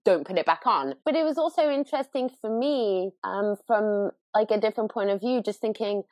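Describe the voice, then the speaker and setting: A woman co-hosting a casual podcast, with a very lively, swooping pitch as she recounts family moments. She is recorded close and dry, with no room sound. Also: fairly quick, no room sound. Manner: animated storyteller, acts out voices with big pitch jumps. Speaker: podcast co-host. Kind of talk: casual chat.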